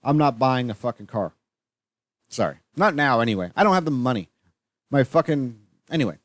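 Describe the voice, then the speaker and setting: A man's voice: medium pitch, expressive, brisk, dry recording, studio quality. A man hosting a solo podcast, ranting and swearing constantly in a rambling way full of fillers and restarts. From Canada. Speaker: podcast host.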